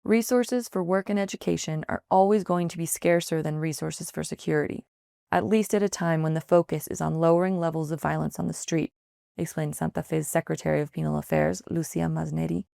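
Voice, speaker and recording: A woman reporter reading a written field investigation aloud in a measured, even scripted news narration. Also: deep voice, vocal fry, no room sound, studio quality.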